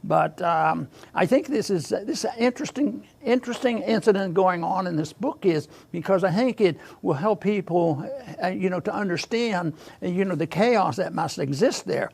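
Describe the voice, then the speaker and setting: A man hosting a casual political discussion, halting and repeating words as he chuckles through his points. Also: sits high, gravelly, breathy edge. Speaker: podcast host.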